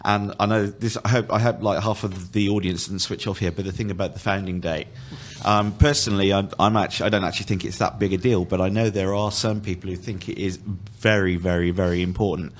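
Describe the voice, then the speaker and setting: A man's voice: low-pitched, steady tone, fairly quick, few pauses, slight background noise. A man talking hesitantly as a guest on a football podcast, restarting his sentences often. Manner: hesitant, with many restarts and fillers. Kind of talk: casual football podcast discussion.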